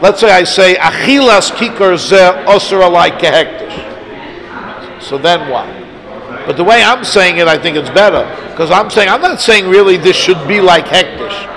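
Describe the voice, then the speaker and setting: A man's voice: high-pitched, moderate pace, a bit bright. A man giving a Talmud lecture to his students, arguing his points aloud with emphasis. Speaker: Talmud teacher. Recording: noisy class of listeners.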